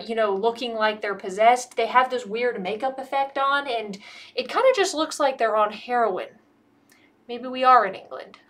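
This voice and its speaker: An American woman gives a loose, comedic movie review, her voice sitting a little on the high side. She is sarcastic and swears often, and she rambles from one joke to the next. She sounds a bit tipsy. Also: a bit bright. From United States. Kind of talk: casual comedic movie commentary.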